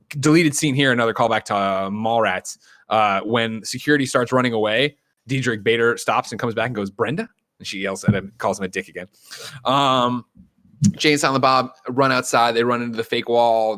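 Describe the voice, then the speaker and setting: A man's voice: fairly low pitch, a bit bright, no room sound, studio quality. A man co-hosting a podcast, recapping a movie's scenes in casual chat and acting out the lines. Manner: recaps scenes animatedly, acts out quotes. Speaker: podcast co-host.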